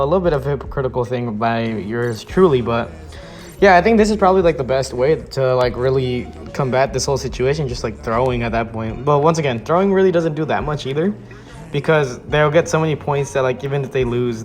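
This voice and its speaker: A man giving an exasperated ranting commentary on viewer comments, swearing often and restarting his sentences. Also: mid-range voice. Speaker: YouTube commentator.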